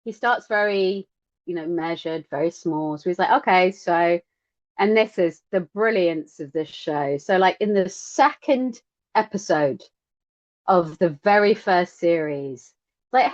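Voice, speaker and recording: A woman co-hosting a podcast in casual chat, animated and acting out quotes in lively voices. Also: on the low side, measured pace, no echo. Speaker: podcast co-host. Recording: dull lo-fi sound.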